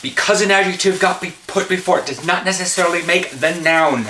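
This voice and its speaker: A man's voice: high-pitched, brisk. A man chatting casually in a vlog, rambling from topic to topic while he shops and then heads home. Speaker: vlogger. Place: shops, butcher and car, in and out. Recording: noisy handheld camera audio.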